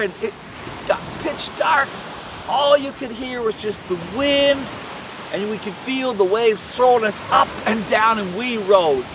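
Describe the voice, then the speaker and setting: A woman retelling a Bible story in the first person as one of the fishermen. She tells it expressively, dropping to a hush and rising to shouts. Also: on the high side, recorded from a distance, a little hiss or hum. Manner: expressive, swings from hushed to shouting.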